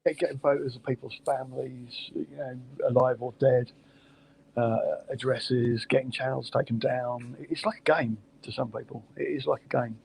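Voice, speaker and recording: Gravelly man agreeing over faint hiss. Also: medium pitch, fairly even intonation, normal speed, darkish tone, low-quality recording. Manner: agreeable, many short yeahs. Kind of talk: casual chat.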